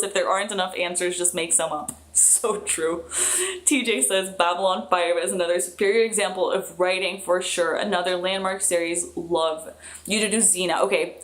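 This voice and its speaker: On a live stream, a young woman reads out viewer comments in a chatty, excitable manner, sprinkling in fillers and quick bursts of laughter. Her pitch is medium.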